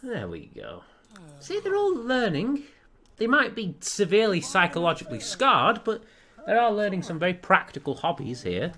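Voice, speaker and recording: A man's voice: sits high, huge pitch swings, normal speed, pushed and bright. A man commenting on a video game he is playing, sarcastic and prone to laughing and swearing. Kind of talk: let's play commentary.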